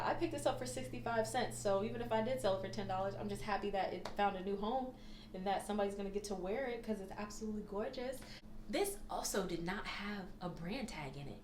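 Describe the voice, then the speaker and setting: A woman's voice: mid-range voice, a little hiss or hum. A young woman chatting casually about her thrift haul for resale, gushing and laughing often. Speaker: reseller vlogger. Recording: echoey room.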